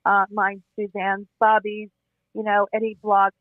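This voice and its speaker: A man's voice: high-pitched, completely flat delivery, a little slow, no echo. A man hosting an online audio room, speaking in an emotional, teary, apologetic way. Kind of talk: casual group call. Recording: phone-like, thin audio.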